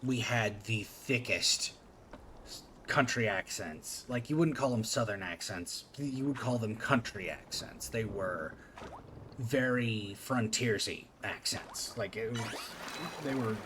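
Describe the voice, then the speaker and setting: A man's voice: fairly low pitch, takes it slowly, a bit bright, slight background noise. Rambling man with faint country twang. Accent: faint rural Appalachian. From Appalachia, USA. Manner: rambling storytelling with many fillers. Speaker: streamer. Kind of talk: casual chat while gaming.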